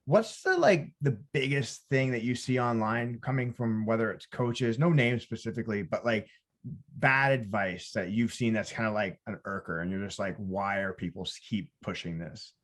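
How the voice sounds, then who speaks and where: A man co-hosting a casual podcast, who talks in a loose, halting way and swears. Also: medium pitch, fairly bright tone. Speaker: podcast co-host.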